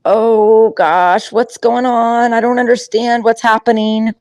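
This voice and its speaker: A woman's voice: fairly high pitch, steady tone, slow pace, a little mellow. A woman voicing an uncertain young mare horse, speaking hesitantly and full of self-doubt. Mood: worried.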